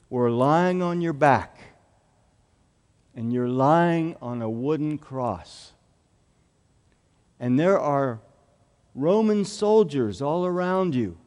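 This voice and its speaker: Slow earnest preacher in echoing church. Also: male voice, fairly high pitch, a little mellow. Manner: simple, earnest, asks the children questions. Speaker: pastor. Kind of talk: children's sermon.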